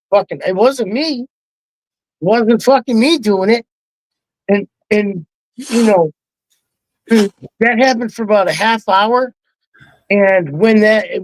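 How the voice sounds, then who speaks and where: Profane excited storytelling man. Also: high voice, dry recording, poor audio. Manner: excited, heavily profane, acts out quotes. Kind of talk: casual storytelling.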